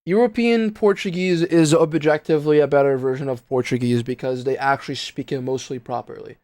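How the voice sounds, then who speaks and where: A man's voice: a little high, fairly even intonation, brisk, darkish tone, no room sound. A young man from Brazil, chatting casually on a speedrun stream in rambling, slangy speech and muttering at his own gameplay. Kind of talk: casual livestream chat while playing.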